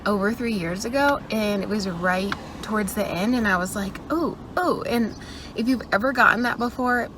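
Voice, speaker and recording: A woman's voice: medium pitch, fairly bright tone, slight background noise. A woman talking casually to camera in an upbeat, chatty way, filling her talk with "like", worn out and breathing hard between runs. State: tired and out of breath. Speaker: vlogger. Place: at home indoors.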